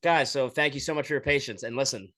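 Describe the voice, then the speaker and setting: A man hosting a podcast, delivering a crude, animated comedic monologue and acting out scenes. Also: medium pitch, quick pace, no room sound. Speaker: podcast host.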